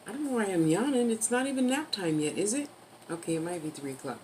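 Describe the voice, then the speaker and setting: A woman talking casually to camera with life advice, rambling and chatty, now and then slowing down for emphasis. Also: mid-range voice, very animated, darkish tone, slight background noise, poor audio. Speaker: vlogger giving life advice.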